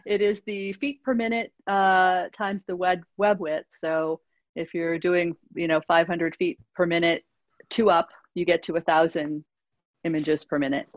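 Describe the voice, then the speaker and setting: Woman in a webinar q&a, slow, lots of ums, dry lo-fi sound. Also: fairly low pitch, little pitch movement, dry recording. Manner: hesitant, many fillers and restarts. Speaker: industry analyst answering questions. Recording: dull lo-fi webinar audio.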